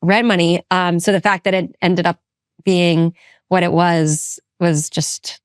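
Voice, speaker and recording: A middle-aged actress as a podcast guest, chatting in an enthusiastic, gushing way. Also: female voice, fairly low pitch, fairly even intonation, clean tone, no echo, studio quality. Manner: gushing, enthusiastic, quick to exclaim. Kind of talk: casual chat.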